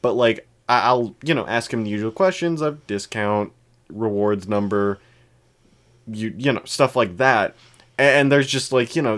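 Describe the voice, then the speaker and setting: Low-voiced man rambling through a story. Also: fairly bright tone. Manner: rambling storyteller, many restarts and fillers. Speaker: podcast co-host. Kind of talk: casual chat.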